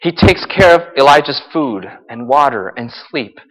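A man preaching a sermon to a live congregation, telling the story with animated energy that swings from loud excitement to hushed softness. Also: medium pitch, measured pace. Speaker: pastor. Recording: long hall reverb.

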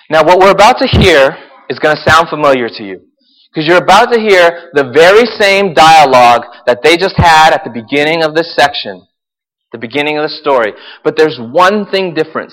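A man preaches to his congregation with lively storytelling, rising to near shouts and then dropping to a soft hush. His voice sits somewhat high for a man, and a long reverb trails each phrase as it fills a large hall. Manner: animated storytelling that swings from loud excitement to hushed softness. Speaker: pastor. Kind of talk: sermon.

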